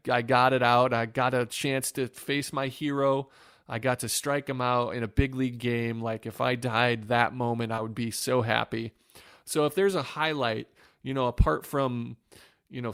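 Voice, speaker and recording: A man, a former pro pitcher from Northwest Ohio, telling emotional stories in a podcast interview, with fillers and restarts. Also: little pitch movement, normal speed, vocal fry, a bit bright, clear, resonant tone, dry recording, clean studio sound. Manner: emotional, reflective storytelling with many fillers and restarts.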